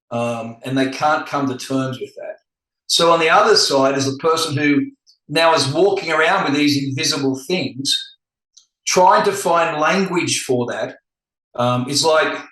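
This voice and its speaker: A middle-aged man speaks candidly as a podcast guest, his voice sitting a little high for a man. He tells stories in an animated way and acts out the people he quotes. The room around him is roomy and echoey. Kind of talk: casual podcast conversation.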